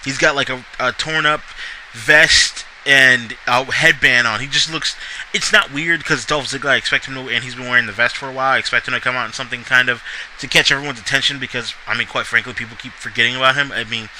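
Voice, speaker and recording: A man talks through a wrestling recap in a loose, meandering way, often stopping to restart a thought or add an aside. His voice is strikingly bright and sharp, and his pitch sits in the middle range for a man. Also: fairly even intonation, quick pace, slight background noise, poor audio. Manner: rambling, many fillers and restarts. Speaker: wrestling show reviewer.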